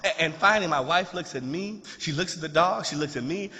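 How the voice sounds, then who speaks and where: A man's voice: fairly high pitch, brisk, sharp tone, long reverb tail, slight background noise. A man preaching a sermon as pastor, telling a story with stammered repeats in a rhythmic, impassioned cadence.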